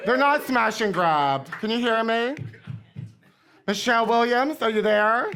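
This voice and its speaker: On a theater stage before a live audience, a comedy guest performs stand-up in character as a brash, vain diva pop star who rambles campily and calls everyone honey. Her mid-range voice is a bit bright and close to her everyday speaking voice.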